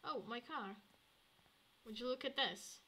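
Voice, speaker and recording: A woman streaming a game, chatting to herself and swinging between hushed murmurs and excited outbursts. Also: fairly high pitch, a little slow. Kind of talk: casual gameplay commentary.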